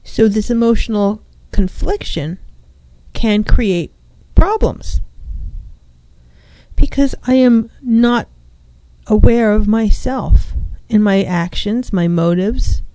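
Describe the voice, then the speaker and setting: Warm-voiced woman therapist hosting radio. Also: mid-range voice, expressive, takes it slowly, dry recording. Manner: reflective, speaks in first person about feelings. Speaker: therapist and radio show host. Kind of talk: casual radio talk. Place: small studio. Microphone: studio microphone with headphones.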